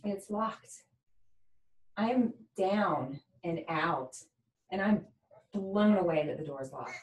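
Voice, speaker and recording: A woman's voice: fairly low pitch, expressive, takes it slowly, a little mellow. Woman telling a raw personal story. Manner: candid, emotional, keeps asking "right?". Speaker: podcast host. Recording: echoey room, mic at a distance, faint noise.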